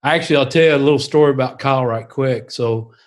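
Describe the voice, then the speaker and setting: A man's voice: medium pitch, fast. A man who pilots attack helicopters, a podcast guest telling his stories in an earnest, casual way and laughing often.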